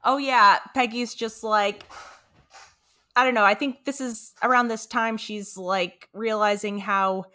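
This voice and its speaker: A woman's voice: mid-range voice, fairly even intonation, a little slow, pushed and bright. A young woman co-hosting a podcast, chatting casually about a cartoon episode and reading out quotes from her notes. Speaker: podcast co-host.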